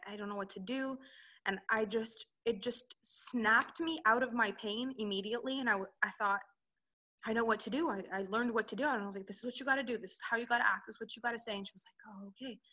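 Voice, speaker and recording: A woman's voice: fairly high pitch, fast talker, pushed and bright. A woman coaching entrepreneurs, telling her personal story in an interview and acting out the dialogue she quotes. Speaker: relationship and business coach, guest.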